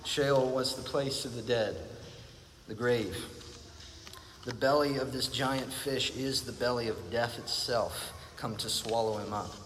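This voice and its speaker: A man preaching a sermon at an ordinary, middling pitch, his earnest and reflective words trailing into a long reverb. He often repeats phrases to drive a point home. Faint noise sits underneath the recording. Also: measured pace, a bit bright.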